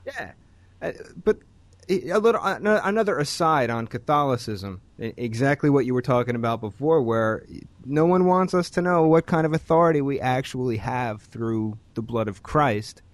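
A man's voice: mid-range voice, expressive, normal speed, dry recording. A man hosting a podcast, chatting casually in a rambling way with many restarts and laughs. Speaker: podcast host.

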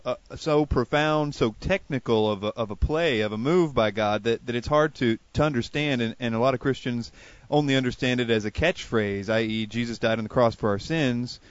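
A man's voice: medium pitch, moderate pace, dry recording, lo-fi sound. Hesitant male interview host. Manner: searching, hesitant phrasing. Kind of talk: interview questions.

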